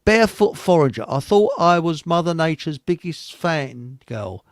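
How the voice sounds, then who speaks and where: Male radio host, middle-aged, rambling joker, slightly high voice, dry sound. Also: very animated, normal speed, no echo. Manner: chatty, rambling and jokey, laughs at his own lines. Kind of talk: live online radio chat show.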